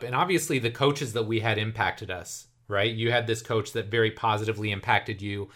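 Man in his thirties, bright voice, animated storyteller, casual podcast host. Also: fairly low pitch. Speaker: podcast host and youth coach.

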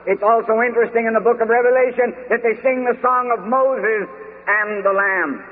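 Male preacher, high voice, emphatic and deliberate, tinny old hall recording. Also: steady tone. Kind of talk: sermon. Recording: tinny phone-like archive recording in a long-reverb hall.

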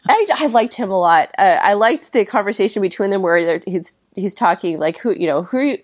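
A woman's voice: medium pitch, lively intonation, a little fast, muffled recording. A woman co-hosting a podcast, chatting casually and enthusiastically about a comic book, often laughing and acting out quotes. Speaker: podcast co-host reviewing comics. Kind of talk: casual chat.

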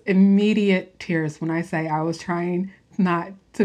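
A woman's voice: medium pitch, steady tone, unhurried, mellow. A young woman in casual chat, rambling through a film review with fillers and laughs. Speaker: podcast host reviewing a film.

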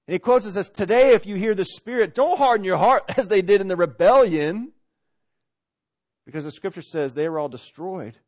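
Man, pastor preaching, slightly high voice, loud bursts then hushed lines. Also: normal speed. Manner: conversational preaching with sudden loud swells and quiet drops. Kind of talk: sermon.

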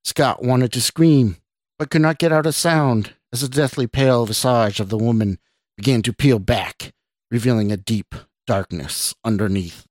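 A man, the podcast host, reading a horror story he wrote, in a measured, deliberate narration. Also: medium pitch, no echo, studio quality.

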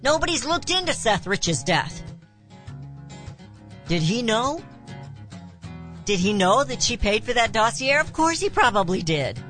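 A woman's voice: a little high, big pitch swings, a little slow, long pauses, fairly bright tone, soft background music. A woman hosting a talk radio show, delivering an impassioned opinion monologue full of rhetorical questions.

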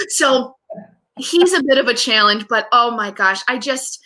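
Casting: woman, 30s, animated interview guest, bright and higher voice, chatty. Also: normal speed. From United States. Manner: animated, chatty, frequent fillers and restarts. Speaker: guest, real estate agent and mom. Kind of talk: casual interview chat.

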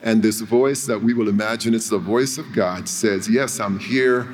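A male preacher delivering a sermon, telling a story with dramatic pauses. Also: fairly low pitch, darkish tone. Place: church. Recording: long reverb of a church hall.

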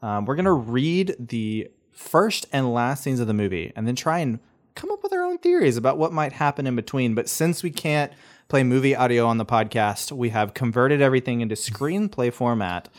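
A man's voice: mid-range voice, big pitch swings, normal speed. Male podcast co-host, playful and loose, mid-range voice. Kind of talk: casual comedic chat.

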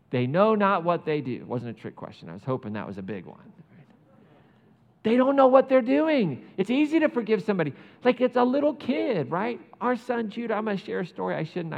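Animated man preaching in an echoey hall. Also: sits high, creaky, lo-fi sound. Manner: animated storytelling, acts out biblical characters. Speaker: pastor. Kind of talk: sermon.

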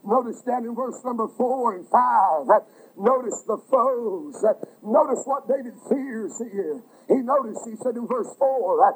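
A preacher delivers a fervent sermon in a strikingly high, husky voice. He cries out with emotion and fills every pause with "uh". His delivery is passionate and earnest. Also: poor audio. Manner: fervent, breaks into cries, many "uh" fillers.

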